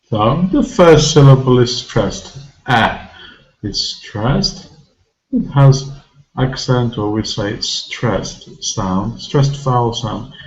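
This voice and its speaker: Slow, deliberate male English teacher. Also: mid-range voice, muffled recording. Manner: slow, deliberate enunciation, modelling words for repetition. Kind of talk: vocabulary and pronunciation lesson. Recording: roomy echo with loud music behind.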